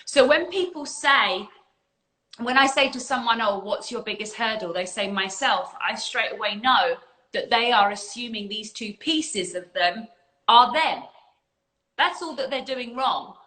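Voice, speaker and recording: A woman's voice: fairly high pitch, expressive, unhurried, bright, forceful tone, rough recording. A woman spiritual coach giving an emphatic, earnest talk on a livestream and swearing casually at times. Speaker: spiritual coach and community leader.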